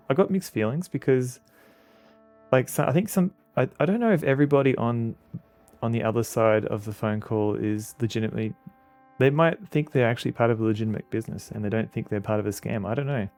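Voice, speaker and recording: A man with an Australian accent streaming a game, chatting casually in a halting, rambling way with many fillers. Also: medium pitch, a little mellow, faint music behind. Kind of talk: casual commentary while playing a game.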